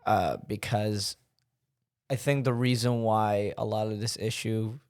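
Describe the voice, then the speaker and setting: A man's voice: on the low side, fairly even intonation, measured pace, clear, resonant tone, dry recording, studio quality. A man guesting on a casual podcast, earnest and thinking aloud as he makes his case. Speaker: comedian guest.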